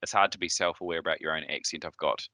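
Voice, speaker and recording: A podcast host with a Southern New Zealand accent chats casually in a very low, bright, forceful voice. He hesitates often and circles back with fillers and restarts. The sound is dry and close. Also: quick pace, no room sound. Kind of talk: casual chat.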